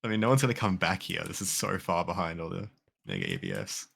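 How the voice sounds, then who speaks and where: A man's voice: low voice, wildly swooping pitch, fast, gravelly, fairly bright tone, husky. A man in casual voice chat with friends while gaming, thinking aloud and swearing now and then. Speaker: game player.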